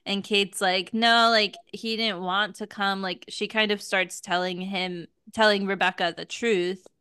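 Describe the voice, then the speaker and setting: A woman in relaxed podcast chat, recapping a show and backing up her co-host with easy agreement. Her voice has a bright, forward edge at a middle pitch. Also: measured pace, smooth. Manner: relaxed, affirming with frequent "mm-hmm" and "yeah". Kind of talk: casual chat recapping a TV episode.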